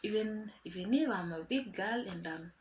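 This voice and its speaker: A young woman vlogger casually telling a personal story, chatty and animated, acting out quoted dialogue. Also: mid-range voice, normal speed, a little hiss or hum, poor audio.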